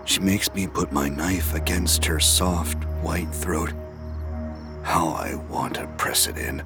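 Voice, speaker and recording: A man narrating a first-person story in a slow, low, menacing way, sometimes dropping to a whisper. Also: over music. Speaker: audiobook narrator.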